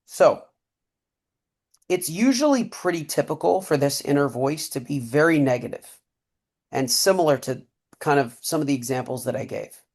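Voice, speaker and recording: This man mentors traders and, during a webinar, walks a group through breathing and mindset work, coaching and checking in over and over with "right?" and "okay?" His fairly high, slightly mellow voice is expressive, carries some vocal fry, and moves at a moderate pace.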